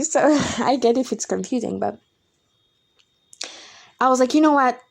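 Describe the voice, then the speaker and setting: A woman's voice: a little high, a little mellow. A young woman hosting a podcast, telling a personal breakup story in a candid, exasperated way and swearing freely. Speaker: podcast host.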